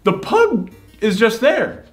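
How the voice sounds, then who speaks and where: A man hosting a casual movie reaction chat, animated and sarcastic, swearing freely. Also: very high voice, slow, faint music behind. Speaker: host.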